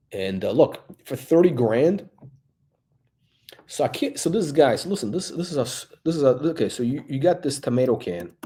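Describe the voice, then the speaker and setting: A man's voice: mid-range voice, warm tone. A male watch channel host giving blunt, crude, rambling off-the-cuff commentary.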